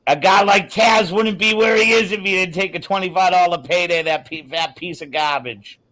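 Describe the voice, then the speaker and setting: Male panelist, high voice, blunt and opinionated, casual banter. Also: normal speed, pushed and bright. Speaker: wrestling podcast panelist. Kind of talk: casual chat.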